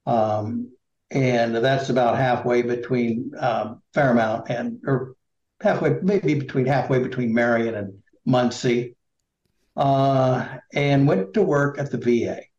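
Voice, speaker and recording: A man's voice: mid-range voice, takes it slowly, a little mellow. Middle-aged guy from indiana rambling thru his story, lots of ums, echoey dull call audio. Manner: rambling, many fillers and restarts. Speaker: political candidate guest. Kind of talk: casual interview chat.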